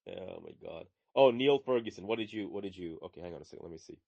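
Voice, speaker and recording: A man co-hosting a casual live audio chat, ranting in a profane, animated way. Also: sits low, fast, vocal fry, no room sound, lo-fi sound. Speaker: podcast co-host.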